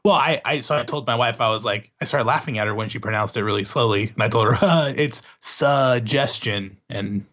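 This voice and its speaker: A man's voice: on the low side, fairly even intonation, fast, hardly any pauses, a bit bright. A man co-hosting a podcast, telling a self-mocking story in casual chat. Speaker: podcast co-host.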